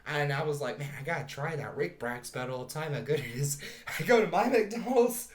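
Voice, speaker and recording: A man's voice: fairly high pitch, big pitch swings, fairly quick, slight background noise. A man hosting a podcast in casual, rambling chat, laughing often and swearing casually. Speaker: podcast host.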